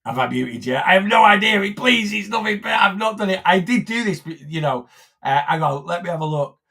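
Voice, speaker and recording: A man's voice: high voice, expressive, fairly quick, creaky, bright, forceful tone. A man, a weight loss coach, chatting casually on a phone live stream, rambling with lots of fillers and restarts.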